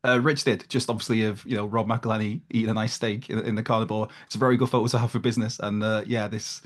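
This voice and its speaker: A man talks quickly in a casual podcast chat. His delivery is rapid, and his humor is dry and teasing. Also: on the low side, flat delivery. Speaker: podcast co-host.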